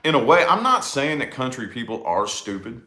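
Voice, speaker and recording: Rambling Tennessee-accented man, lively voice. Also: medium pitch, normal speed, a little hiss or hum. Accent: Southern US, Tennessee. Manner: rambling, repeats himself, lots of "you know what I mean". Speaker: vlog host, musician. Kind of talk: casual chat. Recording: roomy echo.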